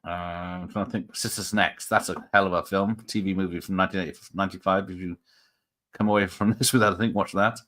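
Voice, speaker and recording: A man hosts a casual live stream and reads out viewer comments. He rambles and restarts, filling the gaps with ums and small chuckles. His voice sits a little low. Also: fairly even intonation, a little fast, fairly bright tone. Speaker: host of a live show.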